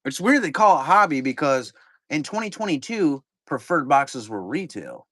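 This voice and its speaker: A man's voice: on the high side, big pitch swings, moderate pace, a bit bright, no echo, studio quality. A middle-aged man, casually rambling to chat viewers while opening card boxes on a live stream. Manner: rambling, laid-back, talks to chat viewers.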